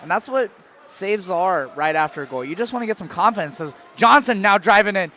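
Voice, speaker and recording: A man calling hockey play-by-play, firing off quick calls that jump to shouts on shots and goals. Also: sits high. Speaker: play-by-play commentator.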